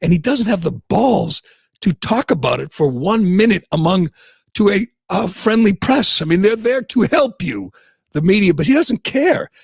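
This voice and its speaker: A man's voice: high voice, sing-song, normal speed, gravelly, husky, no room sound, clean studio sound. A man hosting a talk radio show, delivering a heated, sarcastic rant and mocking others in put-on voices.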